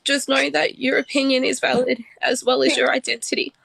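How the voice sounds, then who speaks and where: A woman talks in a heartfelt, halting way on a phone livestream. Her voice sits high. The sound is dry and close, with no room around it. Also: little pitch movement, creaky, fairly bright tone, dry recording, rough recording. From Australia. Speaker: livestream guest. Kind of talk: emotional livestream talk.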